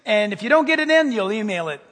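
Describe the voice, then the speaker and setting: A man preaching a sermon, animated and playful, acting out little scenes and dropping into whispers for effect. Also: high-pitched, fast. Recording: hall reverb, from a distance.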